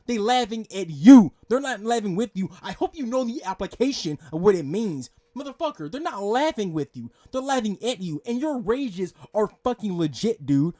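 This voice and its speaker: A man hosting a reaction video, ranting angrily and swearing as he scolds the person he is reacting to. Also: high-pitched. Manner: yelling, profane, scolding. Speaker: reaction channel host. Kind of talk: angry reaction rant.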